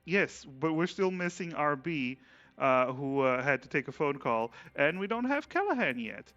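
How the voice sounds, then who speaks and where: As game master on a livestreamed tabletop game, a man with a fairly high voice chats and rambles at a normal speed before play, laughing often and staying relaxed. The lo-fi sound has no echo and soft music behind it.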